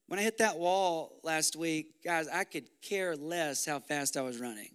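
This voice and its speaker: A man preaching a sermon as pastor, impassioned and rising to loud exhortation. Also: a little high, a little slow, hardly any pauses, clean tone.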